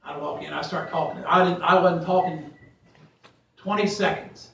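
Folksy preacher in an echoey room. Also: male voice, high voice, steady tone, normal speed, vocal fry, a bit bright, far from the mic, a little hiss or hum. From Ohio. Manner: folksy, rambling, reads scripture aloud emphatically. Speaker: Bible teacher. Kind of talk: informal Bible study teaching.

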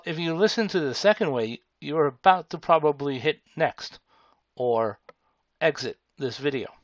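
A man teaching a tutorial, speaking slowly and deliberately. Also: a little high, no echo. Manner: slow, deliberate, demonstrative. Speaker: speaking instructor. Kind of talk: tutorial explanation. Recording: dull lo-fi sound.

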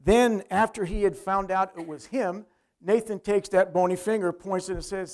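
Middle-aged pastor, high male voice, chatty preaching, questions the congregation. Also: fairly even intonation, moderate pace, darkish tone. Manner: conversational preaching, asks the crowd questions. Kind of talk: sermon.

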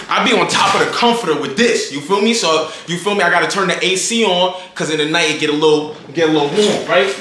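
A man's voice: high voice, bright, forceful tone. A young man telling a story to his viewers in a casual, hyped way, heavy on slang and constantly checking in with the listener. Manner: hyped, slangy, keeps asking "you feel me". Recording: roomy echo.

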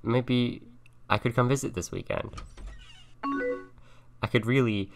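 A young man playing a chat game on stream, thinking aloud and softly reading the messages on screen. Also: mid-range voice, a little slow. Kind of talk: casual let's-play commentary. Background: game music and keyboard typing.

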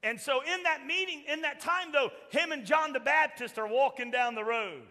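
High, bright-voiced preaching man in a reverberant church. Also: normal speed. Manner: emphatic preaching, swings from loud shouts to soft quoted asides. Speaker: pastor. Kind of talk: sermon. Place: church sanctuary.

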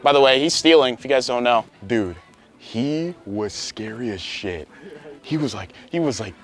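A man's voice: medium pitch, expressive, normal speed, a bit bright. A young man hosting a prank video, talking casually and pleading in a playful, provocative way.

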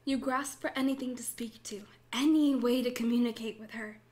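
A woman's voice: on the high side, steady tone, moderate pace, a little mellow. A young woman narrating a Minecraft role-play as game master, then playing frantically and swearing through the fights. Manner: frantic, swearing during combat.

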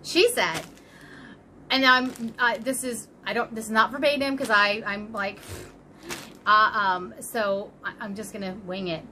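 A woman's voice: medium pitch, fairly even intonation, measured pace, pushed and bright, slight background noise. A woman in her fifties chatting casually and rambling happily as she hosts a crochet vlog and opens a parcel. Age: 50s. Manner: bubbly, rambling, giggly. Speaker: crochet channel host. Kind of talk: casual vlog chat, unboxing.

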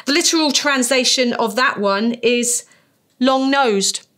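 A British woman preaching a sermon, emphatic and slowing down to stress key phrases. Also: sits high, a bit bright. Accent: British English.

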